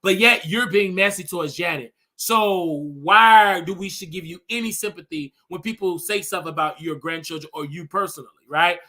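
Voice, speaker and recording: Male host, 30s, high and bright voice, sassy and dramatic scolding rant. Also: normal speed, few pauses. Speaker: show host. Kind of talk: ranting commentary.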